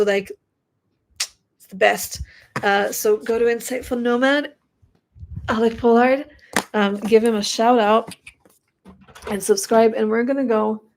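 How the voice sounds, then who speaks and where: A woman hosting a relaxed live stream from her home at night, talking into her computer mic. Her voice has a gravelly, fry-tinged edge, and she rambles along in a chatty way, filling gaps with likes and ums. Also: medium pitch. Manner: chatty, rambling, many fillers. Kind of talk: casual live stream chat.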